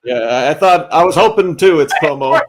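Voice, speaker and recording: A man's voice: a little high, moderate pace. A man who is a guest on a livestream, teasing the host with dry jokes. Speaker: guest collector selling art. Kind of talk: casual live-stream banter.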